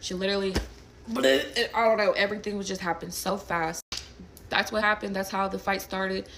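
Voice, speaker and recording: A young woman tells a personal story straight to camera in an animated, blunt way, with plenty of swearing. Her voice sits at a middle pitch, and a faint hiss runs underneath. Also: moderate pace. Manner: animated, blunt, swears freely, acts out quotes. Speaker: storyteller recounting a personal incident. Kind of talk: casual storytime monologue.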